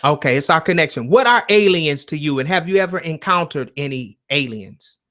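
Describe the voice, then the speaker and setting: A man's voice: fairly high pitch, expressive, brisk, a bit bright. A man hosting a call-in show, chatting loosely and bluntly with callers over a shaky internet connection. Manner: loose, blunt, swears casually. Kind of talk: casual call-in chat.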